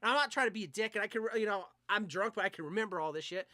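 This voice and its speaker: This podcast co-host is a young man with a high voice who speaks very fast while rambling through a profane, animated story in casual talk. The sound is studio quality, with no room sound.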